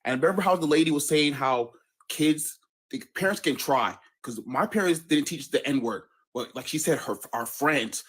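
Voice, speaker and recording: A man's voice: fairly high pitch, moderate pace, breathy edge. A man in his thirties from the United States, talking casually in a group chat and telling stories with acted-out greetings. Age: 30s. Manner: animated storytelling with greetings acted out. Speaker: call-in guest.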